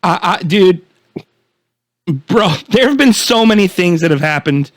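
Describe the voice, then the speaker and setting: Young male podcast co-host, sweary animated storyteller, slightly high voice, dry close sound. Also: measured pace, dry recording. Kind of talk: casual chat.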